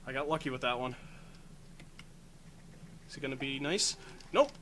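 A man playing a game with a friend, muttering to himself and breaking into loud outbursts. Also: medium pitch, expressive, moderate pace, slight background noise. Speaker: co-op gaming commentator. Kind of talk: casual gameplay chat.

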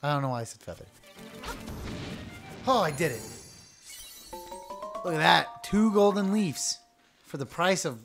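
Excitable, foul-mouthed gaming host. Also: medium pitch, a little slow, pauses often, music in the background. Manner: excitable, sarcastic, swears often; loud sudden outbursts. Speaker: let's-play host. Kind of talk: casual gameplay commentary.

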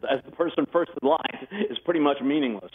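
An older man, a guest sportscaster, telling anecdotes in an animated way during a casual interview, heard over a tinny remote line. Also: medium pitch, fast.

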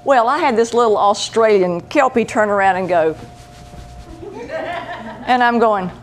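A woman's voice: medium pitch, measured pace, slight background noise. Chatty woman animal medium. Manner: chatty, animated, acts out voices in her stories. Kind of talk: casual storytelling talk.

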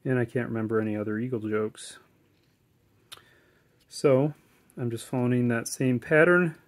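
A man's voice: mid-range voice, normal speed. Male woodcarving instructor, casual and chatty, medium voice, home tutorial. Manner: relaxed, chatty, corny jokes, many fillers.

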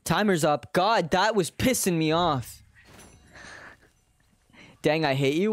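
A man's voice: fairly high pitch, takes it slowly, long pauses, no echo. A male streamer casually commenting on his game to viewers, swearing freely. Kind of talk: gaming livestream commentary.

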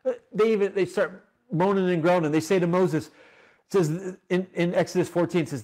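A man's voice: high voice, fairly even intonation, fairly quick, a little mellow. A male pastor preaching a sermon, telling a story with animation and acting out its characters.

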